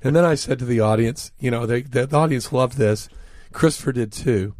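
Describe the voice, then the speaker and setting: Man telling stories as a guest, earnest, reflective, mid-pitched, dry close sound. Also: fairly quick, darkish tone, dry recording. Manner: reflective, earnest, recounts dialogue. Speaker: author guest. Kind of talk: storytelling interview anecdote.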